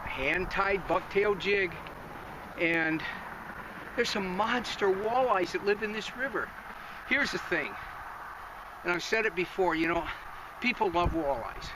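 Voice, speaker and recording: A man hosting a fishing show on a river bank, out of breath and excitedly talking viewers through his catch in a folksy way. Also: high voice, unhurried, long pauses, background noise. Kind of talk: outdoor fishing commentary.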